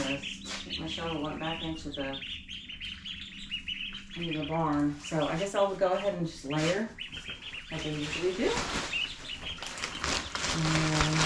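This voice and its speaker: A woman filming a casual farm vlog, chatting as she sets up a pen and fusses over her ducks and chicks. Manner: chatty, talks to her ducks in a high sing-song baby voice. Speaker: farm vlogger. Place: outdoor farm pen with poultry. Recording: clear poultry noise in the background. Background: birds clucking and chirping.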